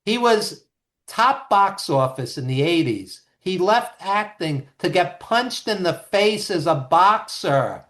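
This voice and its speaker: A man, a guest on an interview show, telling stories in an animated, emphatic way with frequent restarts. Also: high-pitched, slow. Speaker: guest, author and producer. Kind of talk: storytelling interview talk.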